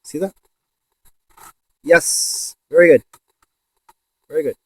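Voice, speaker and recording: A man in a ghost box session vlog, excitedly calling out to spirits and swearing when he insists to viewers. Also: a little high, slow pace, slightly rough, no echo. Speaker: paranormal investigator.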